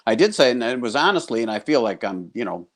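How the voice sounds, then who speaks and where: Older American man, guest TV host, casual, animated anecdotes, video-call sound. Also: mid-range voice, fast. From United States. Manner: chatty, laughs easily, animated when quoting people. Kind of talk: casual interview chat.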